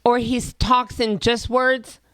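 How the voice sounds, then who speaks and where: A woman's voice: on the high side, flat delivery, a little slow, a bit bright, clean tone, no echo, studio quality. A young woman co-hosting a radio show, trading playful, mocking banter. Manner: playful, mocking, does silly impressions. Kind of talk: casual comedic banter. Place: radio studio.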